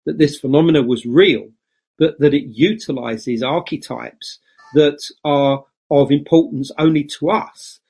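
A man's voice: fairly high pitch, a little slow, creaky, darkish tone, breathy edge. A man being interviewed as a guest author, speaking in a thoughtful, speculative way with frequent ums. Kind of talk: casual interview talk.

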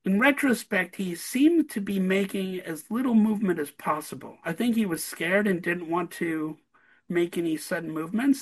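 A man, a parent of a toddler, telling a story in casual conversation, animated and laughing often between lines. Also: high voice, rough recording. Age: adult parent of a toddler.

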